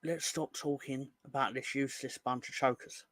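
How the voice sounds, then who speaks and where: Here the young fan-stream host speaks in a mid-range, fairly bright voice with fairly even intonation and a moderate pace, in an echo-free studio recording. He reads hellos from chat, and his exasperated, sweary ranting rises into angry outbursts.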